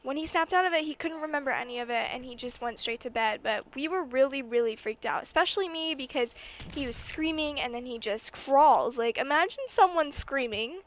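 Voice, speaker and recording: A young woman with a high voice tells a story to her camera from her bedroom. She talks casually, full of filler words, and gets excited and emphatic at the big moments. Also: fairly quick. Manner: chatty, lots of fillers, rising to excited emphasis. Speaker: vlogger.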